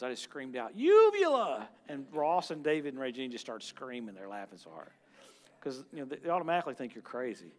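A guest minister, his voice on the high side, delivers a sermon at a church service. Animated and charismatic, he shifts between loud outbursts and softly murmured prayer.

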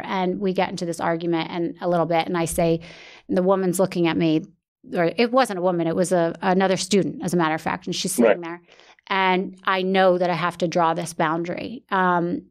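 A woman's voice: fairly low pitch, fairly even intonation, moderate pace, creaky. A woman podcast host telling a personal story in a candid, earnest way, with many fillers and restarts.

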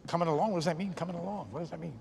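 A volatile gravelly stage star. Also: male voice, very fast, a little hiss or hum. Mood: irritated. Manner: swings from low brooding menace to shouting. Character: intense, volatile male stage star, lovesick. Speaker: stage actor on a phone call.

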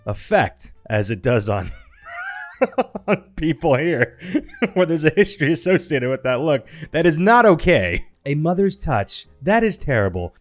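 A man's voice: on the high side, sing-song, unhurried, soft background music. Laughing man reacting with a wildly swinging voice. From United States. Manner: laughs often, exclaims, groans at images. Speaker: reaction video creator. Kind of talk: casual reaction commentary.

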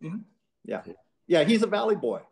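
Lively storytelling man, co-host. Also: high-pitched, normal speed, vocal fry. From Southern California. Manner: animated anecdote teller who acts out quotes. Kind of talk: casual podcast chat.

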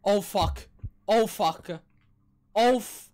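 A young man streaming a horror game, who screams, swears and panics loudly as he plays. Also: high-pitched, sing-song, normal speed, long pauses, a little hiss or hum. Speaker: gaming streamer. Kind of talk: live horror game reactions.

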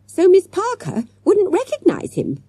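A woman reading an audiobook voices an excited, pushy schoolgirl in a very high voice. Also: a little slow, dry recording, full character voice. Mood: eager.

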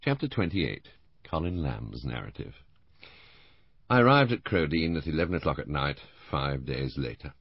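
A man narrating an audiobook in a measured first-person storytelling manner. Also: extremely low pitch, sing-song, husky, no room sound, muffled recording.

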